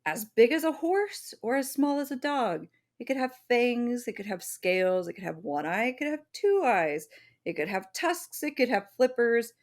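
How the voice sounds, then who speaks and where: A woman co-hosting a podcast, presenting the episode's topic in casual chat, animated and swearing freely. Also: fairly high pitch, moderate pace. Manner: animated, swears freely, acts out little voices.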